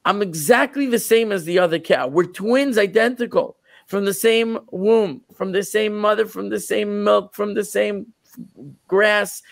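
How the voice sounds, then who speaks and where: A man's voice: sits high, unhurried, creaky, voice pushed up. A man voicing a distraught young bull that protests its fate and pleads that it is being treated unfairly. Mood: pleading.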